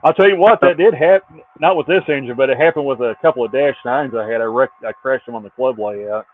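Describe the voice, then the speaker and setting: A man's voice: mid-range voice, quick pace. A man chatting casually as a guest, telling stories with dry humor. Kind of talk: casual chat. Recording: tinny phone-like line.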